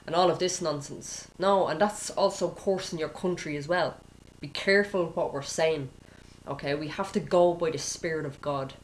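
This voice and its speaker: A woman's voice: lowish voice, moderate pace, poor audio. A woman preacher giving an informal sermon, peppering it with "you know" and "okay?" and acting out prayers. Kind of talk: conversational sermon.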